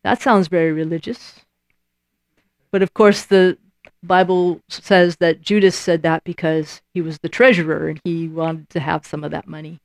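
A woman preaching a sermon, lively and emphatic, acting out the voices she quotes and repeating lines for emphasis. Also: lowish voice, normal speed, no room sound, studio quality.

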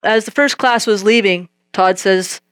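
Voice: mid-range voice, measured pace, clean tone, dry recording, studio quality. A preacher telling a testimony story in a sermon, acting out the dialogue in different voices. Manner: animated, acts out dialogue in quoted voices.

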